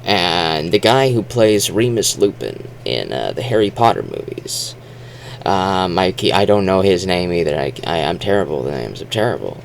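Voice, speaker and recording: Low, gravelly male recapper; rambling, sarcastic, lively pitch swings. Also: moderate pace, a little hiss or hum. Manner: rambling, sarcastic asides, self-deprecating. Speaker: movie recap vlogger. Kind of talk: casual movie recap.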